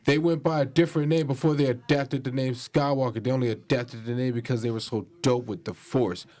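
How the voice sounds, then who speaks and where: Male co-host, mid-pitched, sarcastic and dismissive. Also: fairly even intonation, brisk, darkish tone. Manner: sarcastic, mocking, keeps betting on his point. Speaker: podcast co-host. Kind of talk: casual chat.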